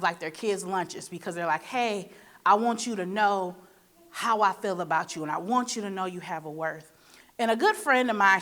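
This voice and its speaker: A woman's voice: medium pitch, a bit bright. A woman from Michigan moderating a forum, speaking in a preacher-like way with rhetorical questions and playful storytelling asides. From Michigan, USA. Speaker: panel moderator. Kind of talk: motivational forum speech.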